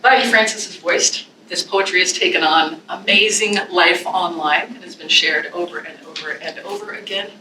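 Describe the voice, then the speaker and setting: A woman's voice: fairly low pitch, normal speed, hardly any pauses, a little hiss or hum. A woman college English instructor giving a classroom presentation, chatting in asides and reading a poem aloud with feeling. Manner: expressive, emotional, chatty asides with fillers. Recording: echoey room from a distance.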